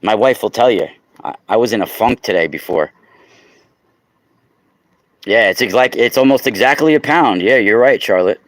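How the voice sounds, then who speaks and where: Excitable man with a lively, low voice. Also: normal speed, long pauses, no room sound. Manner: excitable, exclaims loudly and talks to viewers. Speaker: crystal seller and podcaster. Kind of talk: casual livestream chat. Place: indoors at home.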